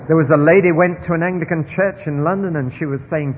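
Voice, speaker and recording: A man preaches a sermon expressively, shifting between hushed passages and emphatic ones. His voice is on the high side, brisk and almost without pauses. The recording is dull, with long hall reverb from a church or large hall and a little hiss or hum.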